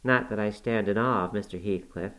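A man reading an audiobook voices a spirited, willful teenage girl with a quick, petulant manner. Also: lowish voice, fairly bright tone, natural voice, rough recording. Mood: disappointed.

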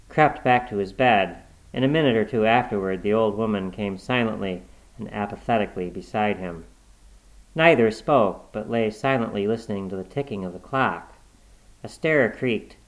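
A man reading a horror story aloud in a measured, suspenseful narration. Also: fairly low pitch, low-quality recording.

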